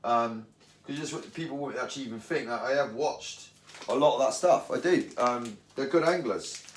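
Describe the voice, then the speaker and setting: In an echoey room with a little hiss or hum, a fishing vlogger with a mid-range voice talks at normal speed while making bait at home. His casual rant about fishing is animated, full of slang and meandering.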